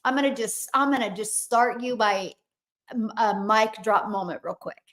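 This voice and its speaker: A woman in her fifties hosting a live stream, talking fast and energetically to viewers and greeting them by name. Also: medium pitch, fairly bright tone. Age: 50s. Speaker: livestream host.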